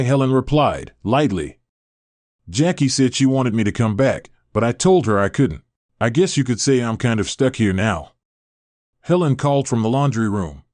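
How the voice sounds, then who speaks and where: A man's voice: medium pitch, expressive, normal speed, darkish tone, no echo, clean studio sound. A man reading a scripted story aloud, narration and dialogue alike in one voice, with the same lines repeated over and over. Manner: reads every character in one voice, barely changing it.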